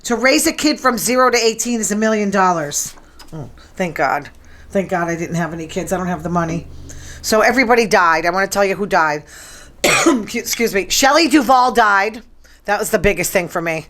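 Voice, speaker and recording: A woman's voice: medium pitch, fairly bright tone, a little hiss or hum. Sassy chatty woman hosting a show. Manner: chatty, sassy, quick to tease. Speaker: show host. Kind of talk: casual talk-show chat.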